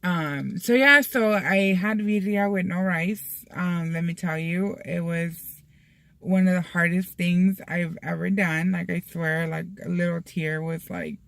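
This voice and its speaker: A woman's voice: on the low side, steady tone, measured pace, creaky, a bit bright, no room sound. A young woman chatting casually to camera, full of fillers, slipping in Spanish phrases, from a Mexican-American family. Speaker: vlogger.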